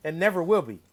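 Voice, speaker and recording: Male interview guest with a somewhat high voice, telling casual stories with animated, profane delivery. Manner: animated, profane, acts out quotes. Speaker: caddie-turned-broadcaster guest. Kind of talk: casual storytelling.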